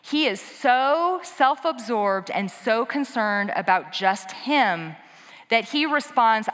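A woman giving a conversational sermon in a church, animated and quick with asides to the congregation. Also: a little high. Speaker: preacher. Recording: long hall reverb.

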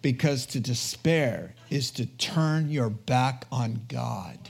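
A man's voice: medium pitch, animated, slow pace, vocal fry, slightly rough, pitched below the performer's own voice, exaggerated voice. A man briefly voicing a stern, plain-spoken adoptive mother in a retold film scene.

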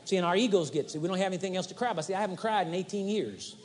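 A man preaching a sermon in a folksy, animated way, acting out demonstrations. He speaks in a large arena. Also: high voice, racing. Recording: 1980s live arena recording with long reverb.

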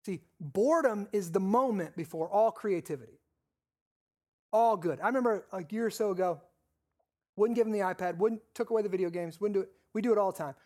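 A pastor preaching a sermon with repeated, stressed phrases, slowing down on key lines and asking the congregation questions. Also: medium pitch, warm tone.

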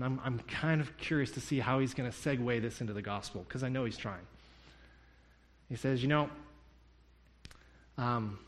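Man preaching in a reverberant hall. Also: medium pitch. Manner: storytelling, acting out dialogue. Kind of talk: sermon storytelling.

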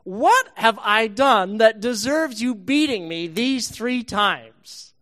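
A man's voice: sits high, lively intonation, takes it slowly, sharp tone, voice pushed up, heavily acted. Man voicing a sensible talking donkey. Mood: pleading.

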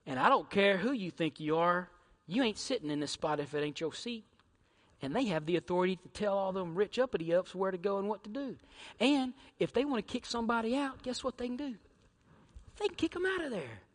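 A male pastor preaching a sermon in a church, dramatic, swinging from shouts to hushed near-whispers and firing rhetorical questions at the congregation. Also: high-pitched, brisk, in a large hall. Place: church sanctuary.

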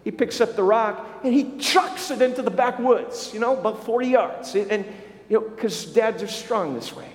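A man with a high-pitched voice preaches a sermon, putting questions straight to his congregation. His voice rings through a large hall with a long, echoing reverb. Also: moderate pace. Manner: storytelling preacher, speaks directly to the congregation with questions. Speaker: pastor.

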